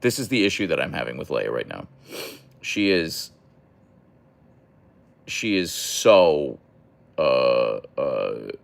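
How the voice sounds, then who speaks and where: A man's voice: rumbling low, sing-song, slow, gravelly, pauses often. A young man hosting a casual livestream, reading chat aloud and answering in a rambling, hesitant way with many fillers and restarts.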